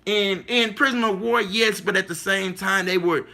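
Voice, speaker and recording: A man's voice: high-pitched, normal speed, vocal fry, bright, forceful tone. A man hosting a livestream, talking emphatically and repeating himself, often asking his listeners if they follow him. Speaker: livestream host. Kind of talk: casual livestream monologue.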